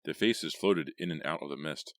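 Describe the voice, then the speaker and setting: A man reading a horror audiobook in a measured, steady way. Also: very deep voice, no room sound. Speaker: audiobook narrator. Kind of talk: scripted horror audiobook narration.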